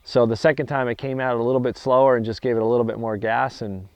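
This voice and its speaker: Halting middle-aged man in an interview. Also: medium pitch, steady tone, darkish tone, a little hiss or hum. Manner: halting, many restarts and fillers. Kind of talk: casual interview recounting.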